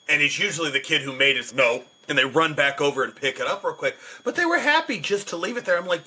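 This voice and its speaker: A man, a teacher, chatting casually on a podcast in a lively, emphatic way full of asides. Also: mid-range voice, a little fast, slightly rough.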